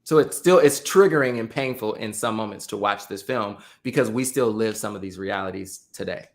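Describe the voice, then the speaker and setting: A man's voice: fairly low pitch, moderate pace. A man co-hosting a podcast, talking about a film in an earnest, thoughtful way. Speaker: podcast co-host. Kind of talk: casual film discussion.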